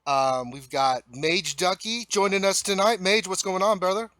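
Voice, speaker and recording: A man hosts a gaming livestream, his voice bright and pitched a little high. He talks loosely, teasing his guests and swearing freely. The sound is dry and close. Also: normal speed, dry recording. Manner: loose, swearing, jokey banter. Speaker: livestream host. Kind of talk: casual gaming stream chat.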